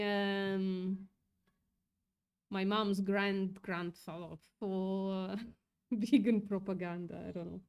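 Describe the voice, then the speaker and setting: A woman's voice: mid-range voice, darkish tone, clear, resonant tone. A woman hosting a casual livestream, upset and thinking aloud, swearing often as she reads chat. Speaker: livestream host reading chat.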